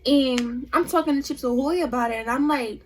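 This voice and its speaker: A young woman vlogger telling a storytime tale in an animated, emphatic way. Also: sits high, a little fast. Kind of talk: storytime vlog.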